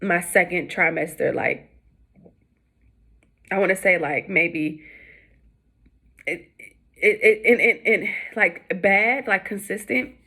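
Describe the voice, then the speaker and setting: Speaking slowly with frequent pauses, a young adult woman vlogger chats to the camera about her pregnancy, using lots of fillers. Her tone is sharp with a breathy edge, and her voice jumps high when she acts out what people said.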